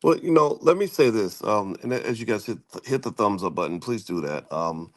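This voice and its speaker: A middle-aged man hosting, talking in measured, thoughtful, halting commentary with his wife. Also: on the low side, lively intonation, no room sound. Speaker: host.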